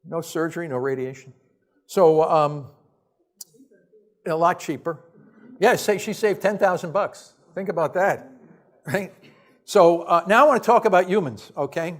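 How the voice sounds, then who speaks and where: Male professor lecturing a hall; higher-pitched, blunt and exasperated, punchy rhetorical questions, loose unscripted delivery. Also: measured pace, long pauses. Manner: casual, off-the-cuff phrasing with restarts. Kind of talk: science lecture to an audience.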